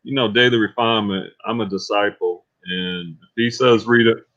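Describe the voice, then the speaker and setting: A man's voice: fairly low pitch, normal speed. Chatty man hosting a muffled live stream. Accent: Texan. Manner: animated, reads reviews aloud in a put-on voice. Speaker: host. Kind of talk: casual live-stream chat.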